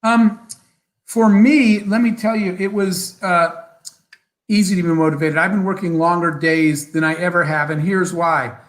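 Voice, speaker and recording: A man, a guest entrepreneur, telling motivational stories in an interview in an animated, quick way. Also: high voice, rough recording. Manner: animated, fast storyteller with bursts of laughter.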